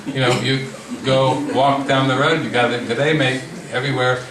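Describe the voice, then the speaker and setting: A man leading a spiritual retreat discussion, speaking slowly and reflectively with frequent restarts. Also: mid-range voice, little pitch movement, fairly bright tone, slight background noise. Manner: slow, reflective, many restarts. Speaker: spiritual teacher. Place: retreat room with a group. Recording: roomy sound from the mic's distance.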